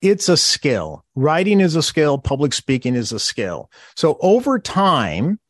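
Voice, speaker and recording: A man's voice: fairly high pitch, very animated, a little slow, no echo. A man who is an author, giving a podcast interview and explaining his points with emphasis, acting out the phrases he quotes.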